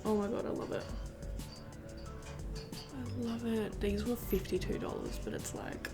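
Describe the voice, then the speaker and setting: A woman's voice: a little high, fairly even intonation, measured pace, over music. A 19-year-old woman, a beauty vlogger, chatting casually while doing her makeup, gushing and rambling with lots of fillers.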